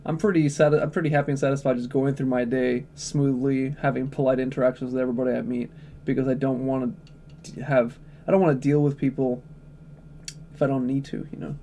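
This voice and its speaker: A man's voice: medium pitch, level tone, fast talker, mellow, a little hiss or hum. A man chatting casually on a livestream, blunt, opinionated and profane, answering chat questions.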